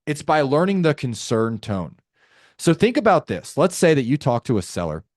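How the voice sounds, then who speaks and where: A man's voice: medium pitch, big pitch swings, normal speed, a little mellow, no echo, studio quality. A man teaching a live online sales training, talking to his audience directly with lots of energy.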